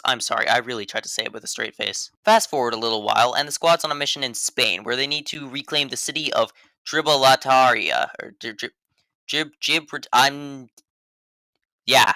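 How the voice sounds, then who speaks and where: A man's voice: medium pitch, moderate pace, creaky, sharp tone, no room sound. A man narrating a scripted video game review voice-over in a sarcastic, mock-serious way.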